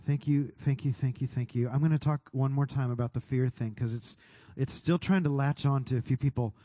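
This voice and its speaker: A pastor leading a fervent prayer over his congregation, speaking directly to God and sometimes rising to a shout. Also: mid-range voice, a little fast, dry recording. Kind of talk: sermon prayer.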